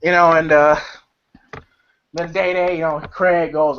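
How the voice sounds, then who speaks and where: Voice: mid-range voice, level tone, measured pace, pauses often, fairly bright tone, a little hiss or hum. A movie reviewer in a rambling, casual chat who retells scenes with laughter and loose fillers, on a dull lo-fi recording.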